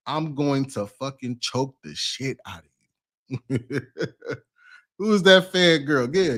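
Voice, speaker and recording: High-voiced man in slow slangy commentary. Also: fairly bright tone. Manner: slangy, exclaiming and laughing. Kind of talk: casual reaction commentary.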